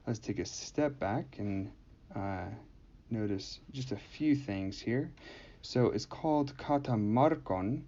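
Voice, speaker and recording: A man teaching Greek grammar in a measured, explanatory voice-over, pausing often with "uh". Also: medium pitch, dark tone, dull audio. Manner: measured, explanatory, with frequent "uh" pauses. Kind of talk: scripted lesson narration.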